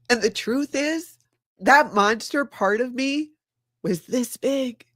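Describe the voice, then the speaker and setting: A woman's voice: on the high side, slow, fairly bright tone, no room sound, clean studio sound. A woman hosting a livestream, talking in an earnest, confiding way and reading viewer comments aloud. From former member of a high-control group. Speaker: livestream host.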